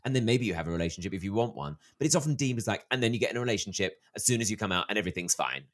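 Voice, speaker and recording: A man in his thirties, an author being interviewed, telling stories in a lively way and acting out the voices of the people he quotes. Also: on the low side, rapid-fire. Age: 30s. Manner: animated storyteller, acts out quoted voices. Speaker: author guest. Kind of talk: interview conversation.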